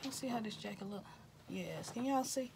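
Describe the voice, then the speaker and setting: A woman from Tennessee, chatting casually to camera, folksy and effusive, calling viewers y'all and honey and dropping into soft whispers. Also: on the high side, lively intonation, normal speed, gravelly, very noisy. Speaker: vlogger showing gifts.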